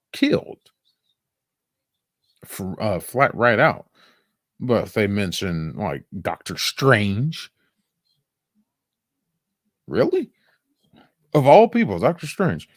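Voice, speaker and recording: A man talking casually about movies as a podcast host, animated and profane, laughing often and acting out quoted lines. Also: lowish voice, no room sound, studio quality. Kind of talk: casual movie review chat.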